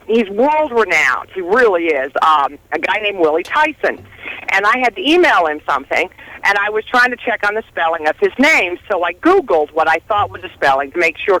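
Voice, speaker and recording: A woman's voice: medium pitch, pushed and bright, low-quality recording. A woman calling in by phone to a talk radio show, chatting casually in a rambling way with frequent restarts. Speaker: phone-in guest. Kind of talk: casual chat. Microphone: phone line.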